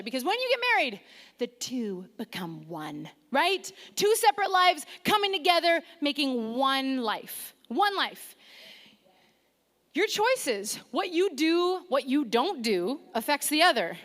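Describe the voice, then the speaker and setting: Animated woman preaching in a reverberant hall. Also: high voice. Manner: lively, self-deprecating humor, engages audience. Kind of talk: sermon. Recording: long reverb of a large hall.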